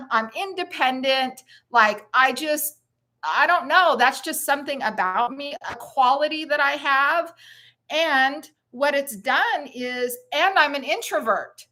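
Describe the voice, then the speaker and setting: A woman's voice: high voice, lively intonation, measured pace, sharp tone. A middle-aged woman hosting a live stream, cheering her viewers on with laughter while jogging in place, a little out of breath. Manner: enthusiastic, cheering, laughing often. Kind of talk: upbeat motivational live chat.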